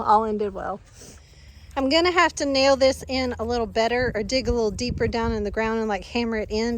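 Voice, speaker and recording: A woman, chatting casually and telling an animated story outdoors on her farm. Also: mid-range voice, slight background noise. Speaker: farm vlogger.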